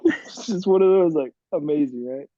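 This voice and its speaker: A man in his thirties from Miami, a podcast guest telling lively, laughing stories about his college baseball days. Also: on the high side, normal speed, no room sound, lo-fi sound. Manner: lively, laughing anecdotes with quoted voices. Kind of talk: casual storytelling on a podcast.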